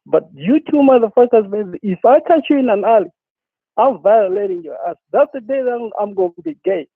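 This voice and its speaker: Brisk and high-pitched with lively intonation, this caller rants angrily on a talk show, cursing and repeating himself as he gets worked up. The tinny phone line carries no echo.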